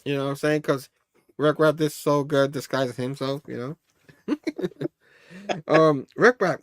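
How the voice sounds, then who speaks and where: A man with a fairly high voice hosts a laid-back comic book recap. He talks loosely, laughs between thoughts and reads out characters' lines. The sound is close and dry, with almost no room echo. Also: measured pace, long pauses. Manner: loose and chatty, laughs often, reads comic dialogue aloud. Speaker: comic book review host. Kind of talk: casual rambling comic recap.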